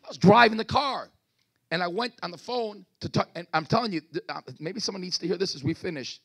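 A male pastor preaching in a church service, with a gravelly, fry-laced voice that sits a little high for a man. He pushes his points with call-and-response lines to the congregation. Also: brisk, a bit bright. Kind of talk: sermon.

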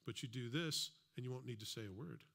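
A man at a mid pitch preaches a sermon in a church, talking to the congregation in a loose, conversational way. He drops in asides and briefly acts out the people he quotes. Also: fast, gravelly, fairly bright tone. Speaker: pastor.

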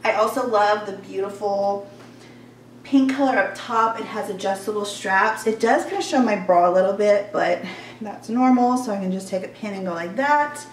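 A woman's voice: medium pitch, normal speed. A young woman chats through a try-on haul, gushing and full of casual fillers. She sounds slightly out of breath. Her voice comes from a few steps back in a roomy, echoing bedroom with a faint hum behind. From Georgia, US Southern. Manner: chatty, gushing, many "like" fillers. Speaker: fashion vlogger. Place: warm bedroom at home. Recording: echoey room, voice a bit far off.

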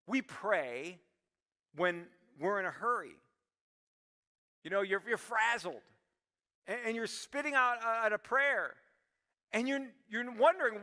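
A man preaching a sermon as pastor, talking animatedly and acting out quick prayers, then dropping to hushed tones. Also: high-pitched, lively intonation, big-room sound.

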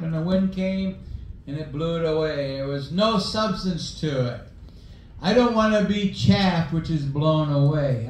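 A man's voice: sits high, darkish tone, very echoey, poor audio. A male pastor preaching a sermon, mixing scripture reading with folksy personal stories.

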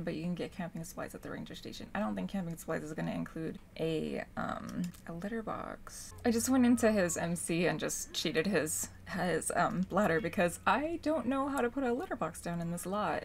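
A young woman casually commenting on her own gameplay, gushing and squealing with excitement. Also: lowish voice, fairly quick, gravelly, hardly any pauses, a little hiss or hum. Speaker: gaming channel host.

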